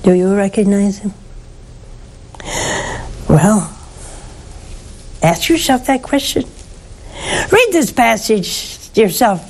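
Slow-preaching woman religious host. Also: medium pitch, sing-song, a little mellow, poor audio. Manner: slow, emphatic, earnest preaching with rising exclamations. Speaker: religious TV host taking calls, addressed as Mother. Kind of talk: preaching and counseling callers.

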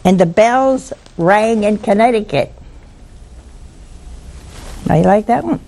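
On a religious broadcast, a woman with a mellow, medium-pitched voice tells a story slowly in an earnest, emphatic, preachy way. She repeats lines for effect.

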